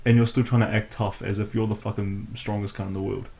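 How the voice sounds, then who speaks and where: A man's voice: lowish voice, level tone, fast talker, creaky, darkish tone. A man co-hosting a podcast, reacting to a story with laughter and profane remarks. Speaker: podcast co-host. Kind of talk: casual chat.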